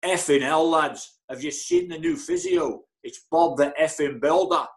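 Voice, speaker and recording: A man putting on a booming, brash Scottish footballer with a swagger, voice pushed up high at times. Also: huge pitch swings, unhurried, gravelly, full character voice. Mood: mocking. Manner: loud and brash.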